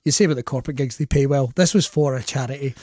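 Scottish comic guest, swears freely, acts out quotes, dry close sound. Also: male voice, mid-range voice, rapid-fire, no echo. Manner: swearing, animated storyteller acting out quotes. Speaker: guest comedian. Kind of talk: casual podcast chat.

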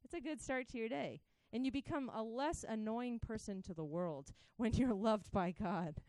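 A woman preaching a sermon, swinging from hushed to joyfully shouting and talking straight to her listeners. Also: fairly high pitch, moderate pace, dry recording. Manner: laughs between points, speaks to listeners as guys.

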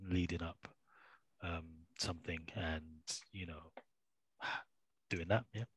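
Lively British man with a bright voice. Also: low-pitched, slow, slight background noise. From England. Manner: lively storyteller, many "you know" fillers. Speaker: actor, podcast guest. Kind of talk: animated anecdote telling.

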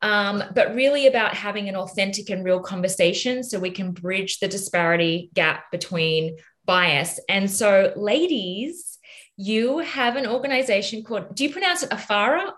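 A woman's voice: medium pitch, normal speed, a bit bright. A woman with an Australian accent co-hosting a podcast interview, chatty and enthusiastic, with fillers and restarts. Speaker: podcast co-host.

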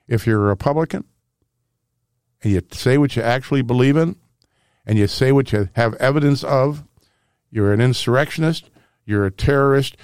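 Combative talk radio host. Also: male voice, mid-range voice, darkish tone, clean tone, no echo, clean studio sound. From St. Louis, Missouri. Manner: combative, sarcastic, mocking impressions. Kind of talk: political talk radio monologue. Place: radio studio.

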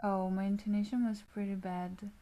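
A woman's voice: medium pitch, flat delivery, normal speed, dark tone. A woman, a music student, telling stories in casual chat, upbeat and laughing mid-sentence.

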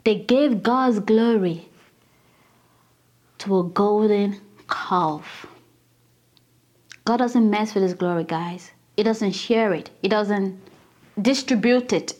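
A woman preaching a casual sermon in an animated, chatty way, addressing her listeners directly. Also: mid-range voice, slow, pauses often.

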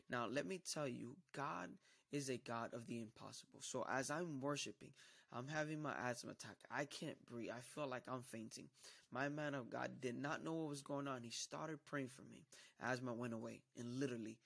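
A man's voice: medium pitch, gravelly, a bit bright. A man giving a personal testimony to a church, telling his story with emphasis and acting out the dialogue.

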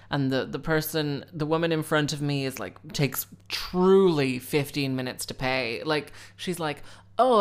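Chatty low-voiced young woman. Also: clean tone. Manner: rambling, chatty, sarcastic, acts out voices. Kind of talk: casual storytelling monologue.

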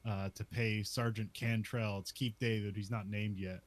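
Speaking at a moderate pace in a low voice with little pitch movement, a man casually walks through a western film one scene at a time, laughing frequently and leaning on "like" as a filler.

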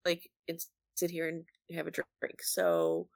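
Young woman, early 20s, very gravelly low-ish voice, dry sound, chatty storyteller. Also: monotone, a little slow, no room sound. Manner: chatty, lots of "like", acts out quotes. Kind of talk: casual storytelling.

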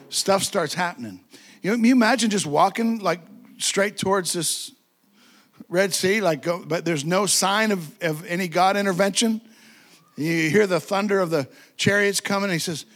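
A man with a notably high-pitched voice, preaching with fervent, conversational energy. He drives his points home through repetition and chatty asides, often laughing and acting out little quotes. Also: moderate pace, fairly bright tone. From United States. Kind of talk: sermon.

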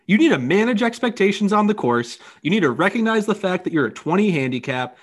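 A man's voice: high-pitched, big pitch swings, quick pace. A man in casual chat as a podcast co-host, teasing and giving advice.

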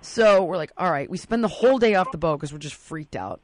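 Animated woman telling a story. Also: on the low side, fairly quick, no echo. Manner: animated, acts out quotes. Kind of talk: casual storytelling.

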